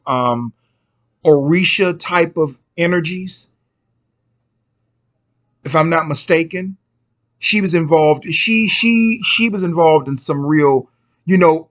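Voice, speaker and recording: A man's voice: a little high, fairly bright tone. A middle-aged man hosting a casual, rambling commentary monologue, full of slangy asides. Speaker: host.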